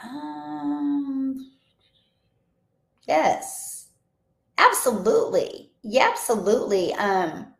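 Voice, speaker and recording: A hoarse woman talks in an energetic, motivational way, like a coach on a live stream chatting with her viewers. Her voice sits a little high. The sound is roomy and echoey. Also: extremely slow, pauses often. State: hoarse voice from a long event. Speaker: online business coach. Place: home.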